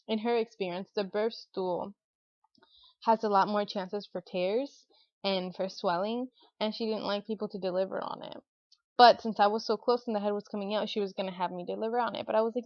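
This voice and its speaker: A woman's voice: medium pitch, no room sound. A young woman and new mother telling a personal story in a casual, chatty way, with lots of fillers, lifting her voice when she quotes herself and others. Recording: dull, lo-fi recording.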